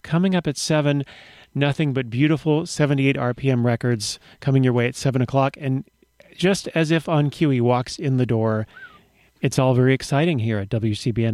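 A man's voice: medium pitch, a little mellow, no echo. A man hosting a radio show, talking in a wry, rambling way with dry humor. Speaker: radio host. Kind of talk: casual radio chat.

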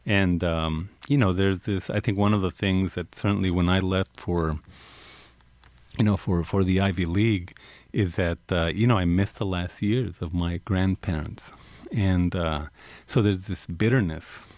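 A man's voice: low-pitched, steady tone, unhurried, darkish tone, dry recording. A male author reading from his book, then talking reflectively in an interview with many restarts. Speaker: author, guest. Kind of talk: reading aloud and interview talk.

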